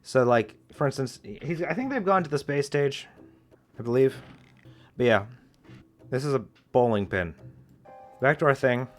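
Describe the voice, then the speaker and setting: A man's voice: mid-range voice, animated, moderate pace, pauses often, faint music behind. A man giving casual, rambling let's-play commentary in a playful way, often restarting his sentences. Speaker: gameplay commentator.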